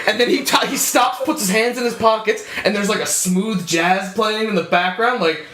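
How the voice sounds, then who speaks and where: A young man co-hosting a podcast, with a fairly high voice, telling stories in a lively way and swearing freely. He acts out the scenes as he goes. The recording carries a roomy echo. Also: moderate pace, few pauses. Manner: animated storyteller, swearing, acting out scenes. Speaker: podcast co-host. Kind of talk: casual chat. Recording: roomy sound.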